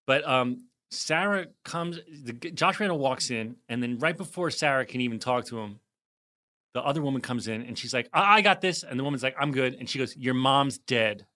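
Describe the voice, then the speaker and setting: Man, podcast co-host, bright tone, animated storytelling, laughs a lot. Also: medium pitch, fairly quick. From New Jersey. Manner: animated storyteller, acts out quotes, laughs often. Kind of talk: casual chat.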